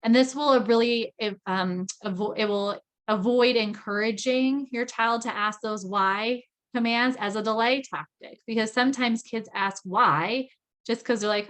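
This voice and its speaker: A woman's voice: mid-range voice, a little slow, a bit bright. A woman in her thirties presenting a parenting skills lesson in a conversational tone, often adding tag questions. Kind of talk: recorded training lecture.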